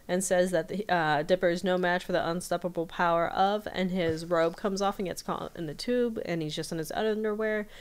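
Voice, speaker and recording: Woman co-host, casual recap, smooth lowish voice, chatty. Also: fairly even intonation, normal speed, few pauses. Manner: chatty retelling with fillers. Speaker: podcast co-host.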